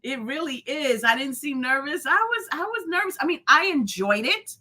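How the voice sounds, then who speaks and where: A woman's voice: high-pitched, animated, normal speed, bright, forceful tone. A woman hosting a live stream in casual chat, effusive and rambling, greeting viewers by name. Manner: rambling, many fillers and restarts. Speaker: host of a live show.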